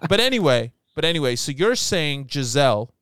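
A man's voice: on the high side, a little fast, smooth, dry recording, studio quality. A man co-hosting a casual podcast, joking and bantering about football bets. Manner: animated, jokey, breaks into put-on accents. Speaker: podcast co-host.

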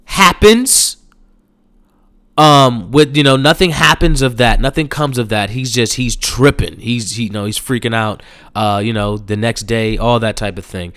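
A man talks through a film's story in loose, slangy, rambling speech, stopping and restarting his thoughts often. His voice is smooth and clear at an ordinary pitch. The sound is dry and close, with no room around it. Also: a bit bright, no room sound. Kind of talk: casual movie recap.

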